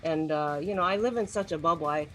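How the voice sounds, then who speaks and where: A woman's voice: deep voice, fast talker, faint music behind. A young adult woman doing a stand-up set online, ranting and laughing at her own jokes. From Los Angeles. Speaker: stand-up comedian.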